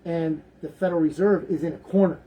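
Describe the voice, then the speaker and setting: A man's voice: on the high side, steady tone, quick pace, lo-fi sound, a little hiss or hum. A man hosting a talk radio show, rambling through the news in casual commentary, often repeating words.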